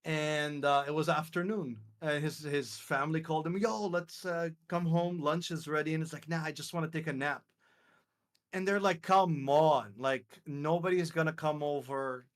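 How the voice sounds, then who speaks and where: In this casual storytelling chat, a young streamer from Lebanon hosting a live call acts out quotes and swears without holding back. He talks at a normal speed with few pauses, in a steady tone with a fairly high pitch.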